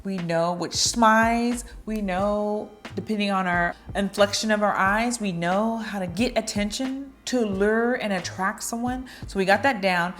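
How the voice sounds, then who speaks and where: A woman's voice: mid-range voice, unhurried, few pauses, soft background music. A woman vlogger giving dating advice in a chatty, playful way, now and then acting out little flirty lines. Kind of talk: casual advice talk to camera.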